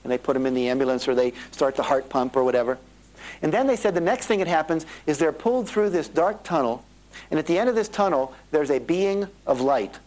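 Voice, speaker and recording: Animated man giving a seminar talk. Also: on the high side, a little fast, low-quality recording. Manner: animated storytelling, acting out quoted voices. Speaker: seminar speaker. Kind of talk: motivational seminar talk to a live audience. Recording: 1980s cassette tape of a live seminar.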